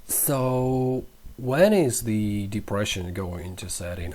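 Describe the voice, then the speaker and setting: A young man hosting a crypto channel, rambling and self-mocking as he comments over charts. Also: slow. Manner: rambling, self-mocking, animated swings in pitch.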